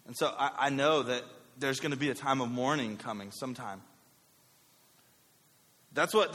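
A man, preaching a sermon with a personal story, talking conversationally with animated asides. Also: medium pitch. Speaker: pastor. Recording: long hall reverb.

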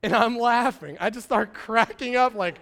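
A man's voice: very high voice, moderate pace, creaky, fairly bright tone. A man, preaching a sermon as a pastor and telling a personal story in a casual, slangy way, acting out quotes with big swings in volume.

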